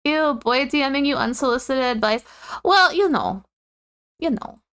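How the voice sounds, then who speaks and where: A woman's voice: high voice, lively intonation, a little slow, fairly bright tone. A woman chatting casually on a live stream, giggling often and rambling with lots of fillers and self-corrections.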